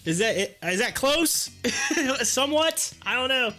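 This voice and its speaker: A man hosting a live stream in loose, rambling chat, with a very high voice and a bright edge to it. He laughs often and restarts his sentences. Faint music plays under his talk. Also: sing-song, measured pace. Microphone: headphones on.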